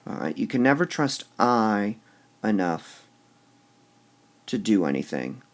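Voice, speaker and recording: A man's voice: lowish voice, sing-song, takes it slowly. A man teaching a recorded lesson on poetic meter. He goes step by step, says "all right" often between steps, and repeats words with shifting stress to show the beat.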